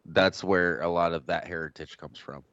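A man's voice: deep voice, steady tone, moderate pace, a bit bright, no echo, dull audio. A man in a casual podcast chat, giving brief matter-of-fact answers. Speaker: podcast co-host.

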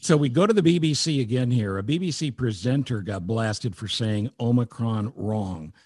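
A man's voice: mid-range voice, animated, normal speed, darkish tone, no echo, clean studio sound. A man co-hosting a casual chat podcast, joking and teasing in banter. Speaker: podcast co-host.

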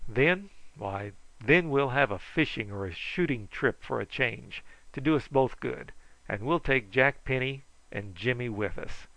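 Give me a teasing, kindly old doctor with a brisk, fatherly manner, as a man reads him. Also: mid-range voice, gravelly, fairly bright tone, dry recording, low-quality recording. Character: kindly jovial older male doctor.

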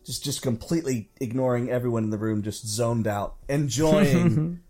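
Husky-voiced rambling game player. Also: male voice, medium pitch, normal speed, mellow. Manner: rambling, hedging with "sort of". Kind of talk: playing a tabletop game.

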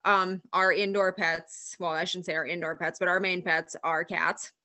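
A woman's voice: on the low side, flat delivery, normal speed, sharp tone. A woman co-hosting a podcast in casual chat, easygoing and supportive with a wry touch. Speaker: podcast co-host.

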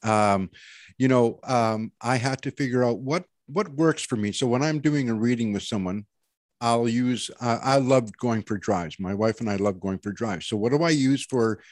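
A man's voice: mid-range voice, a little mellow, no room sound. A man talking casually as an intuitive reader, rambling earnestly with many restarts and self-corrections. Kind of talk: casual panel chat, giving a reading.

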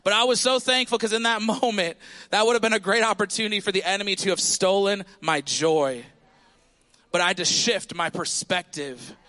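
A high, bright-toned man in his thirties preaches to his congregation. He tells an animated story and keeps calling out to the room for answers and responses. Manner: animated storytelling with audience call-outs. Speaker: pastor. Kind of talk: sermon. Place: church sanctuary.

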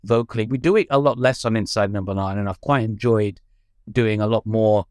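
A male actor and writer being interviewed, talking thoughtfully with frequent ums and lively swings in pitch. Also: a little fast, dry recording. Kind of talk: casual interview chat.

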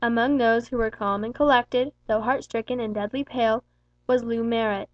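A woman reads a novel aloud in a steady, measured manner. Her voice sits somewhat high. The recording is dry and a little dull. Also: no echo. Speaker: audiobook reader. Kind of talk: scripted narration.

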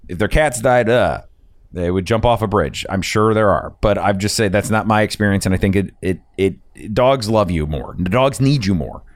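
Laughing at his own anecdotes, a man hosting a podcast chats casually, wandering and swearing as he goes. His voice sits on the low side at a moderate pace, in clean, dry studio sound.

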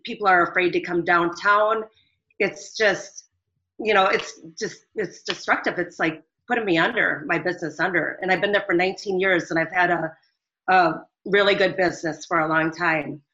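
A woman's voice: fairly low pitch, steady tone, moderate pace, sharp tone. A middle-aged woman, a business owner calling into a talk show, recounting events in an earnest, rambling way. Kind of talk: phone-in interview. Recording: dull lo-fi audio.

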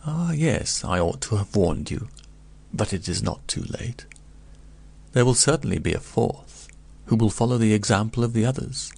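A man doing a gossipy old vendor, gravelly and low. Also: lively intonation, moderate pace, a little mellow, heavily acted. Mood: storytelling. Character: older male curiosity vendor, gossipy, meditative pipe smoker.

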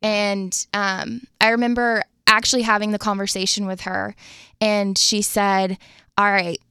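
A woman's voice: mid-range voice, little pitch movement, measured pace, pushed and bright, clean tone, no room sound, studio quality. A woman guest who works in radio, sharing a personal testimony in casual chat with an earnest, reflective storytelling manner. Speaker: radio show guest, phone screener.

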